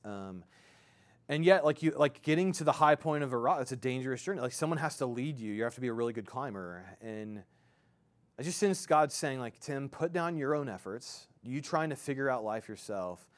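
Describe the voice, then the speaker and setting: A man in his thirties preaching a sermon as a pastor, in a conversational, halting way with many fillers and restarts. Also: medium pitch, animated. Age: 30s.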